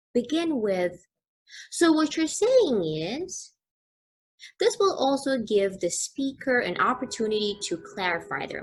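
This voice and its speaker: A woman teaching an English lesson, explaining slowly and carefully with examples. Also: on the high side, slight background noise.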